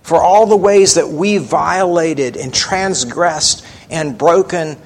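A male preacher delivers a sermon at an unhurried, deliberate pace, leaning hard on key words. His voice sits somewhat high for a man, and he keeps putting rhetorical questions to his listeners. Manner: slow and emphatic, with rhetorical questions.

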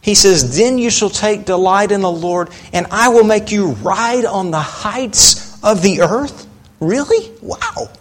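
A man's voice: high voice, measured pace, hardly any pauses. A middle-aged man preaching a sermon in a conversational way, asking rhetorical questions and often restarting his sentences. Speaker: pastor.

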